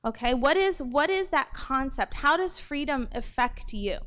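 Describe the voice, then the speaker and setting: High-voiced woman addressing a school assembly. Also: unhurried. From New York. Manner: animated, keeps asking "okay?" and "right?". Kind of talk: morning assembly talk to students.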